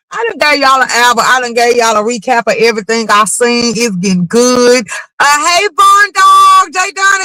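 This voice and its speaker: A high, bright-voiced woman runs a casual gossip livestream and talks back to her chat. She speaks bluntly, swears freely and keeps the energy animated. The sound is close and dry, with no room around her. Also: dry recording, low-quality recording. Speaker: livestream commentary host.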